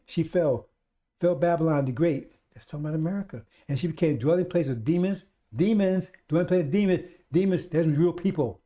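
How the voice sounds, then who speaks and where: A man preaching on the radio in a fervent, repetitive street-preacher style, calling his listeners brothers and sisters and building up to loud exhortations. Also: fairly high pitch.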